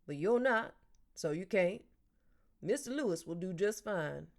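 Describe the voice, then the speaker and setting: A woman's voice: fairly low pitch, lively intonation, a little slow. A woman voicing a kindly, teasing older man and grandfather who jokes in a dry, storytelling way.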